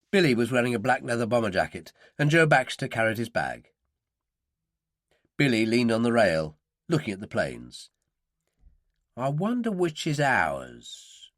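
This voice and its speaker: A man narrating a thriller audiobook in a measured reading voice. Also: medium pitch, fairly bright tone, dry recording, studio quality. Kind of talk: scripted narration.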